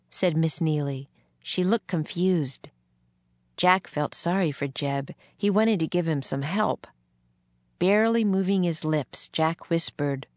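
A woman reads a children's story aloud in a calm, steady way. Her voice is low and her pace slow. The recording is dry and close. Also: no echo. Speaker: narrator. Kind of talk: storybook narration.

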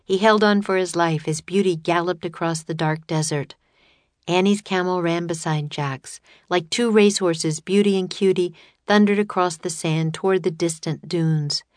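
A woman narrating a children's chapter book in steady, expressive scripted reading. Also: lowish voice, normal speed, no echo. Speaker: audiobook narrator.

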